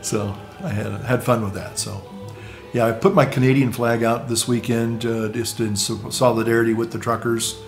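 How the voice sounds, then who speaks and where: A man of middle pitch talks through a casual vlog monologue, stopping and restarting his sentences and tossing in asides. He chuckles at his own jokes, and faint music plays behind him. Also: fairly even intonation. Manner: halting, frequent restarts and asides. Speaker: vlogger.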